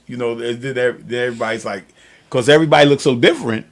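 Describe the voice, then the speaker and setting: A man's voice: medium pitch, quick pace. A man hosting a podcast, chatting in a loose storytelling manner and laughing often. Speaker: podcast host. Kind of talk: casual conversational interview.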